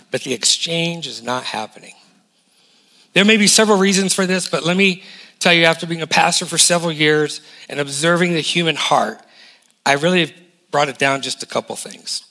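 A man in his forties preaching a lively sermon as a guest pastor, emphatic and full of rhetorical questions. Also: fairly high pitch. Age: 40s.

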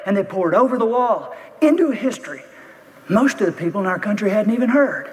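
A man telling a story in a speech, building tension with vivid detail and pauses. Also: sits high, expressive, big-room sound, rough recording. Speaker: speaker.

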